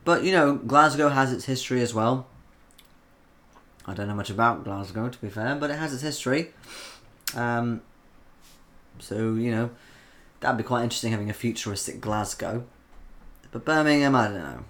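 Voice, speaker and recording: A man hosts a live stream in a loose, chatty way, reading out viewer comments as he goes. He comes from the Isle of Man and his talk wanders, full of ums and asides. His pitch sits in an ordinary middle range for a man. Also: moderate pace, pauses often, a bit bright. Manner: rambling and chatty, with frequent ums. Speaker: livestream host reading chat. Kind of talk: casual live-stream chat.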